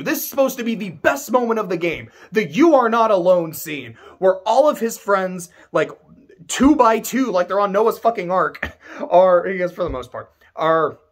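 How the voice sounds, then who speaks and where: A man's voice: sits high, a bit bright, husky. A man giving casual game commentary to camera, emphatic and ranting, swearing freely. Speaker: video creator.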